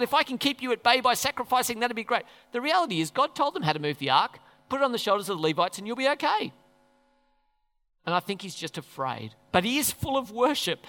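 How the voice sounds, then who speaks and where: A man's voice: high-pitched, a bit bright. A man preaching a sermon in a church hall, talking conversationally and posing questions to the congregation. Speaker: pastor. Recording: echoey hall reverb.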